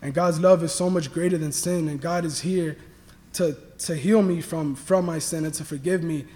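A young man from Miami giving an earnest personal faith testimony, halting with many restarts. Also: on the high side, fairly even intonation, darkish tone, big-room sound. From Miami, Florida. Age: young adult. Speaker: student athlete sharing testimony.

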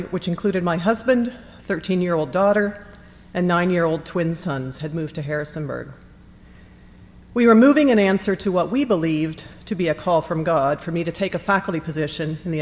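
A middle-aged woman professor telling a prepared personal testimony in a measured, composed way. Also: on the low side, in a large hall. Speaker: education professor.

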